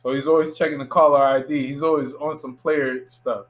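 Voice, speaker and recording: A young filmmaker from Miami, in the United States, speaks at a medium pitch and a fairly quick pace. He's a guest in an interview, telling a story with animated energy and acting out the people in it as he quotes them.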